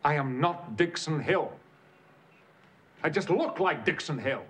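Commanding ship captain. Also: male voice, on the high side, animated, unhurried, fairly bright tone. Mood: earnest. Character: starship captain posing as a 1940s private detective. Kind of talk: TV drama acting. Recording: faint background ambience from a TV episode.

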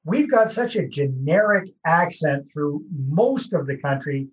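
A man's voice: a little high, animated, a little slow, lo-fi sound, a little hiss or hum. A man from Canada hosting a podcast interview, chatting in a friendly, joking way. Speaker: podcast host. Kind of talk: casual interview chat.

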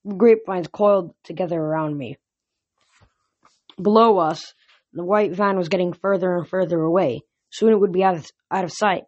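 Woman reading a book out loud, lowish voice, muffled lo-fi audio, steady pace. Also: normal speed, dry recording. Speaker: reader. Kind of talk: storybook read-aloud narration. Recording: dull lo-fi recording.

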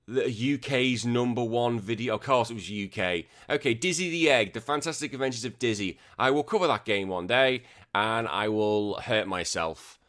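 A man hosting a podcast, chatting casually and ranting with lots of swearing. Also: medium pitch. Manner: animated, swears a lot, exasperated rants. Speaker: podcast host.

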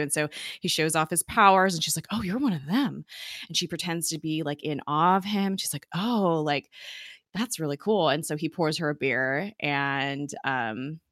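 A woman's voice: deep voice, normal speed, a bit bright, no echo, studio quality. A woman recapping a TV episode in casual chat, talking in a chatty, filler-heavy way and laughing often, recorded at home. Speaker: podcast co-host recapping a TV episode. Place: home office.

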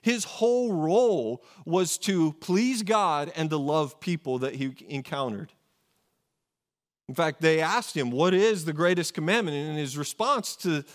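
A man preaching a sermon in a conversational way, often asking rhetorical questions and correcting himself. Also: high-pitched. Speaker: pastor.

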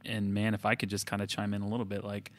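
A man's voice: lowish voice, completely flat delivery, quick pace. A man in his thirties co-hosting a casual talk about faith, reflective and often restarting his sentences. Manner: reflective, self-correcting, with frequent restarts. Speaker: podcast co-host.

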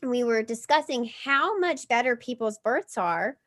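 A woman hosts a birth and postpartum podcast, her voice a touch high. She gushes with enthusiasm and speaks in a warm, effusive conversational way. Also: animated, normal speed. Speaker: podcast host. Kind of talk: podcast interview.

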